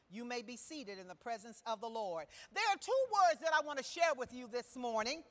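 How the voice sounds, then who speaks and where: In a church sanctuary, a woman gives a sermon in a high, fairly bright voice, pressing her points emphatically and posing questions to the congregation. The sound has the lengthy echo of a big hall.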